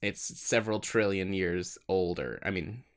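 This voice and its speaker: A man co-hosting a podcast in casual chat, playful and animated. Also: sits low, measured pace. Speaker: podcast co-host.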